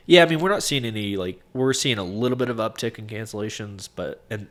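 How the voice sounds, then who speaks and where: A man's voice: on the low side, fast. A man with a stuffy, nasal voice, co-hosting a casual business podcast and giving plainspoken advice. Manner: plainspoken, advisory. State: stuffy nose from smoke. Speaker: co-host, property manager.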